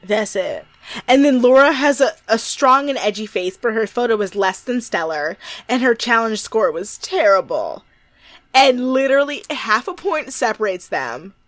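A woman's voice: fairly high pitch, expressive, normal speed, a bit bright, no room sound. A woman co-hosting a casual show, recapping TV with friends; she laughs often and swears freely. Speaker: podcast co-host.

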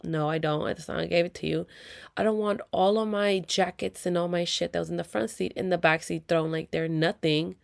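A woman's voice: on the low side, fairly even intonation, brisk, creaky. A woman, venting to viewers in a heated, profane story with whispered asides. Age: 30s. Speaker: vlogger.

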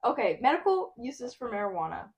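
A woman's voice: a little high, big pitch swings, a little fast. A young woman, co-hosting a podcast in casual chat and telling stories with frequent laughter. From Texas. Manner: chatty storyteller, laughs often. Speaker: podcast co-host.

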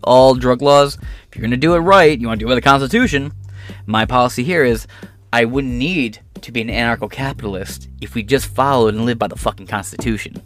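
A man rants through political commentary, swearing freely and sounding combative and sarcastic. His voice sits at an ordinary mid pitch. Faint music plays behind him. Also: fairly quick, fairly bright tone.

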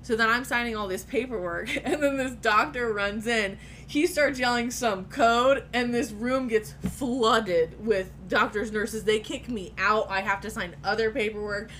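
A woman's voice: on the high side, unhurried, fairly bright tone, a little hiss or hum. A woman telling a personal story in casual chat, candid and profane, often laughing as she talks.

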